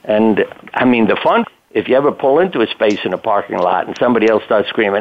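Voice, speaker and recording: An older man, a doctor appearing as a guest, tells stories in a relaxed, conversational way, chuckling and acting out what people said. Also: fairly low pitch, quick pace. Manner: conversational storyteller, chuckling, acts out quotes. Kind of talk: casual storytelling interview. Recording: tinny phone line.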